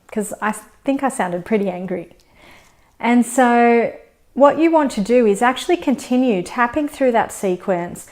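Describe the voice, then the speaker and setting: A woman teaching a tapping technique, calmly guiding listeners step by step and slowing down to demonstrate example scripts. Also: fairly high pitch. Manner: calm, steady guidance, slowing down for demonstration scripts. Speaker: tapping instructor. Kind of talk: instructional demonstration.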